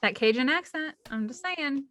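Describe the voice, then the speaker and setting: A woman's voice: sits high, expressive, moderate pace, bright, forceful tone. A woman hosting a podcast, asking questions in a playful, teasing casual chat. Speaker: podcast host.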